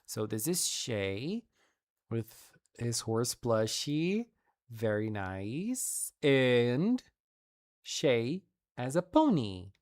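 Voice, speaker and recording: Low-voiced woman streamer, slow and expressive. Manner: gushing, playful, with frequent laughs. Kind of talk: casual fan-art showcase stream.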